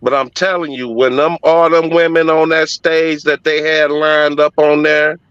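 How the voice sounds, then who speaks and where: Middle-aged man, forceful bright tone, emphatic and heartfelt storyteller, dry dull lo-fi recording. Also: a little high, little pitch movement, measured pace, smooth, no room sound. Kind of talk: personal storytelling.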